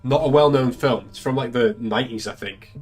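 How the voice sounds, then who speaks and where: A man's voice: medium pitch, a little fast, darkish tone, husky. Chatty sweary English guy streaming. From England. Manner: swears a lot, laughs often, chatty and opinionated. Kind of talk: casual chat.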